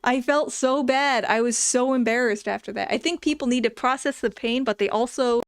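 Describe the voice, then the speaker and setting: A woman's voice: a little high, normal speed, clear, resonant tone, no room sound, clean studio sound. A woman chatting casually and telling frank, profane stories from her past work at a vet clinic. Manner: frank, profane, animated storytelling. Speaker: streamer reading chat, former vet clinic worker. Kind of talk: casual storytelling chat.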